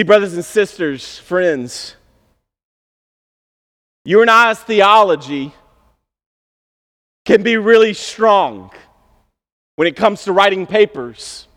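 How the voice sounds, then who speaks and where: A man with a high voice preaching to his congregation, telling stories in a relaxed, conversational way that swells into emphasis. His voice carries through a church sanctuary with a long reverb tail. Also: slow pace, long pauses. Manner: conversational, storytelling, with bursts of emphasis. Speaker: pastor. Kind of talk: sermon.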